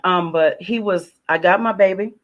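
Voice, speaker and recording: A woman's voice: on the low side, moderate pace, a bit bright, lo-fi sound. A woman relates a personal testimony with heavy emotion. She repeats phrases for weight and acts out her own pleas and prayers as she goes. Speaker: guest sharing her testimony.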